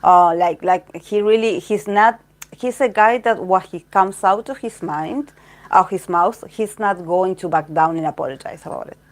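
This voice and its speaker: A woman's voice: fairly low pitch, moderate pace. Female tarot reader, casual and chatty, rambles through her readings with lots of fillers. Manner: rambling, heavy use of "like" and "you know".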